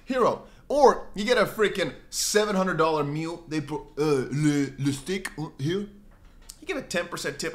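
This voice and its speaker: Young male streamer, casual and rambling, with a lively up-and-down pitch. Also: brisk, slight background noise. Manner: animated, rambling, jumps into mock voices and exclamations. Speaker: crypto livestream host. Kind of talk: casual livestream chat, reading viewer comments.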